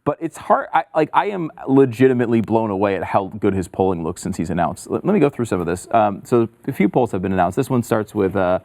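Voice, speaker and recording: A man co-hosts a talk show in casual conversation, now and then rattling off figures. His voice sits a little low. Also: lively intonation, fast, few pauses, darkish tone. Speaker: co-host. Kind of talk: casual political chat.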